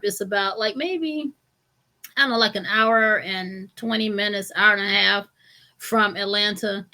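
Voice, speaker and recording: A woman's voice: mid-range voice, bright, forceful tone. A woman hosting a legal commentary channel, chatting to viewers and explaining a story. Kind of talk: casual commentary.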